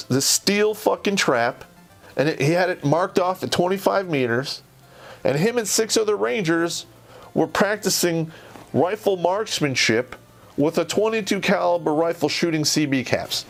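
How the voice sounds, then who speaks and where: A man's voice: fairly high pitch, fairly bright tone. Foulmouthed man spinning barracks stories. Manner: profane, blunt, rambling with many restarts. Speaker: podcast host telling army stories. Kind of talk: casual storytelling monologue.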